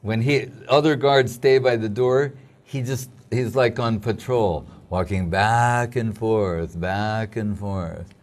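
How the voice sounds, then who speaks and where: Slow, low-voiced male interviewer. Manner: unhurried, prompting and finishing the guest's sentences. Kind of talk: casual interview chat.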